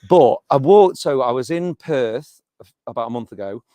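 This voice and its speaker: A middle-aged man talks casually in an interview, stopping and restarting his sentences often. His voice sits at an ordinary pitch. The sound is dry and close, with no room echo. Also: expressive, normal speed, dark tone. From England. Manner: hesitant, many restarts and fillers. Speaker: interviewee, teacher.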